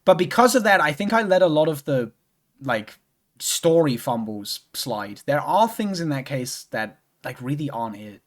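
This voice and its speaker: A man's voice: a little high, very animated, normal speed. A young man streaming a game, chatting casually and rambling with lots of restarts and swearing. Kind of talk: casual chat while playing a game.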